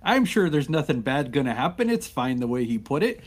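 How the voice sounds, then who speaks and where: A man's voice: medium pitch, big pitch swings, brisk. A man playing a chatty fellow. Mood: reassuring. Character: chatty Canadian man from Winnipeg. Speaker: tabletop game player. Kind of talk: in-character tabletop role-play.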